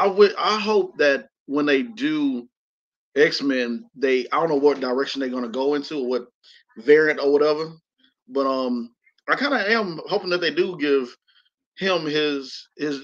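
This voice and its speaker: A man as a guest in a casual film discussion, laid-back and hesitant with many fillers. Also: mid-range voice. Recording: slightly dull lo-fi sound.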